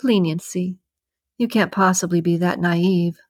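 A woman's voice: fairly low pitch, steady tone, unhurried, no echo, clean studio sound. A woman reading the lines of a cornered, remorseful female assassin in an audiobook, in a defensive, ashamed manner. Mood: scornful.

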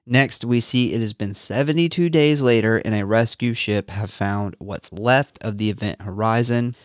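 A man's voice: on the low side, moderate pace, no echo, studio quality. A man co-hosting a casual podcast, recapping a movie and reading trivia in a laid-back way with frequent laughs. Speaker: podcast co-host.

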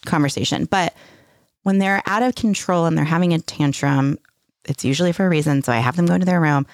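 A woman's voice: deep voice, quick pace, a little mellow, no echo, clean studio sound. A woman in her thirties, a podcast co-host, talking candidly and chattily about parenting, with some casual swearing. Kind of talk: casual chat.

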